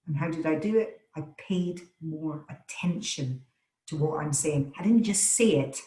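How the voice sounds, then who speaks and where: Over a video call with a clear echo, a woman coaching voices responds to webinar questions, her somewhat low voice landing hard and energetically on each word.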